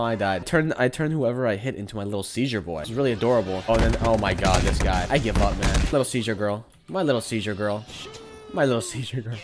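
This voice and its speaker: A man giving casual, sarcastic gameplay commentary, joking around and breaking into sudden high squeals and shouts. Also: fast talker, noisy background. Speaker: gaming commentator. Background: game music.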